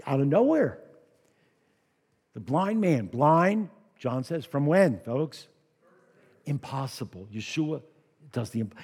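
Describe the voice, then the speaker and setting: A male pastor preaching a lively sermon, with personal asides and humor. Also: on the high side, breathy edge. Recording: long hall reverb.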